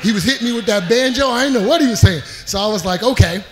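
A middle-aged man telling a funny personal story on stage, acting out the scenes and getting louder as the story turns to panic. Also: very high voice, quick pace, background noise. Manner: animated, acts out scenes, voice rises when panicked. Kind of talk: live comedic storytelling.

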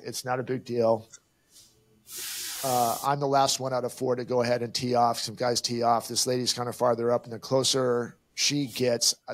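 An older man co-hosting a podcast, telling a story in casual chat and acting out the exchanges he quotes. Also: medium pitch. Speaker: podcast co-host.

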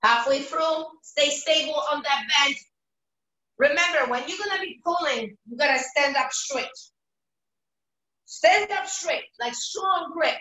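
High bright woman coaching a zoom workout, calling out counts, echoey room, kinda far from the mic. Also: a little slow. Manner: energetic, encouraging, calls out counts and cues. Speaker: fitness instructor. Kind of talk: live online workout coaching. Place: home workout room on a video call. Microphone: video call, away from the mic.

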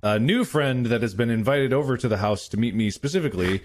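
Brisk and barely pausing, this podcast co-host uses his mid-range voice to spin a story in relaxed chat. He brings it to life by acting out each person's voice.

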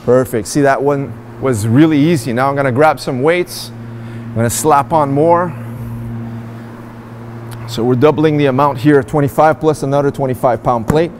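A man's voice: medium pitch, normal speed, darkish tone, slight background noise. A man in an indoor gym demonstrating and explaining a workout, in an upbeat coaching manner that speaks straight to his viewers. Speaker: fitness vlogger.

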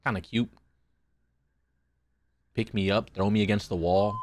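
A man's voice: fairly low pitch, steady tone, unhurried, pauses often, slight background noise. A young man streaming a horror game, talking nervously and swearing in casual commentary. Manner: jumpy, swearing, nervous chatter to chat.

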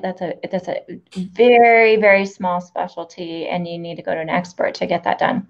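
Woman host, direct, instructive, dull lo-fi recording. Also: mid-range voice. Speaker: host, nail educator. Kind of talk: interview with teaching asides. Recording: dull, lo-fi audio.

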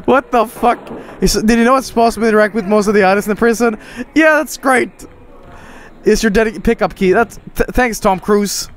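A young man casually commenting while he plays a video game, excitable and often swearing. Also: sits high, a little fast. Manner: excitable, swearing, laughing, reading game lines aloud. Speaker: streamer. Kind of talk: casual let's-play commentary.

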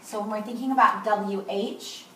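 A woman teaching kindergarten, slow and sing-song and encouraging as she spells out letters and sounds for young children. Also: medium pitch, fairly even intonation, a bit bright, slight background noise. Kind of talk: recorded morning lesson for young children. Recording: roomy echo, voice a bit far from mic.

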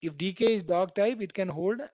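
In this live online coding session, a programming instructor from India speaks at a moderate pace in a fairly high, somewhat dark voice. Homely comparisons carry each concept, and he repeatedly checks in with a quick "right?" The recording is close and dry, without any echo.

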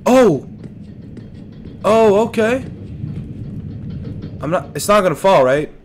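A man with a somewhat high voice commentates a horror game at an easy, drawn-out pace, cracking jokes and chatting to his viewers. He yelps loudly when something startles him. Soft game music plays underneath. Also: expressive. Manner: jokey, talks to himself and chat, yelps at scares. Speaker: let's play streamer. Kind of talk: casual gameplay commentary.

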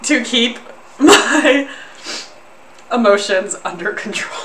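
A woman streamer chatting casually to her viewers, loudly exclaiming and laughing while suffering through a spoonful of wasabi. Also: on the high side, animated, slow pace, reverberant, recorded from a distance, background noise. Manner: exclaiming and laughing, talks to chat. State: sniffly and pained from wasabi. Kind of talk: casual live-stream chat. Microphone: desk mic, sometimes clipping.

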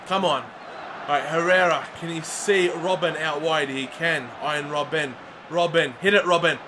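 A young man, a regular on the channel, excitably commentating a football video game, swinging from groans to yells. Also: on the high side, noisy background. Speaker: gaming commentator.

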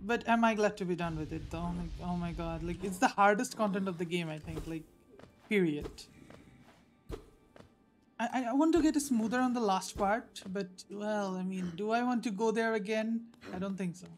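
A woman talks through her gameplay for her channel in a loose, casual way, cursing freely. She rants in bursts, loud one moment and mumbling the next. Faint game music plays under her voice. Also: mid-range voice, moderate pace. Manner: animated, swears freely, rants between outbursts and mumbles. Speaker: gaming channel host.

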